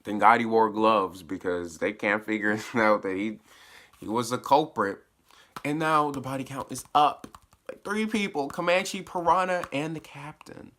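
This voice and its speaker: A man with a sharp, bright voice talks through a TV episode in a loose, chatty recap. He drops slang and breaks into excited bursts as he retells the scenes. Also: mid-range voice, a little slow. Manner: laughs and uses slang while recapping. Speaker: TV episode reviewer. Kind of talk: casual spoiler recap.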